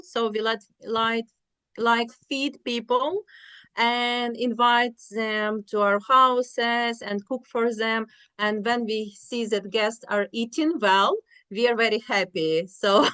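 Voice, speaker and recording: A woman's voice: on the high side, a bit bright. A woman from Ukraine with a Ukrainian accent, an English teacher chatting as an interview guest, addressing listeners as guys. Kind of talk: casual interview chat.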